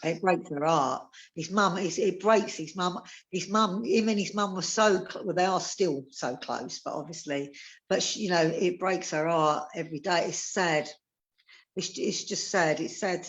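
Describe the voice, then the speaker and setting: A woman speaking in a heartfelt, halting way, often repeating herself in a conversational interview. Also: on the low side, rough recording. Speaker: campaigner for a prisoner.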